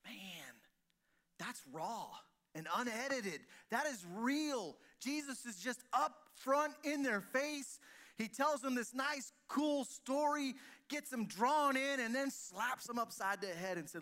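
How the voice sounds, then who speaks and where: A man's voice: extremely high pitch, animated, slow pace, pushed and bright. A man preaching a sermon to his congregation, addressing listeners at home as well, often with rhetorical questions. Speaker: pastor. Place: church service, streamed to listeners at home.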